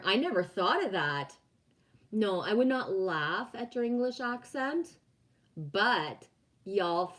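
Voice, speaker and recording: A woman from Quebec, French her first language, hosts a relaxed livestream. She chats in a rambling, easygoing way, reads out viewer comments and laughs often, her voice sitting at an ordinary middle pitch. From Quebec, Canada. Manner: chatty and rambling, frequent laughter and restarts. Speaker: livestream host. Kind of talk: casual livestream chat, reading out viewer comments.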